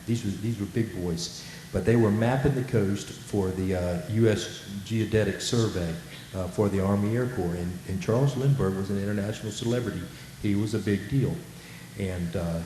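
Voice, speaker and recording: A man's voice: on the low side, dark tone. Chatty storyteller man in an echoey hall. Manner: chatty, with many fillers. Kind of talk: live folk storytelling. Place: festival stage in a hall. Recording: echoey hall, faint noise.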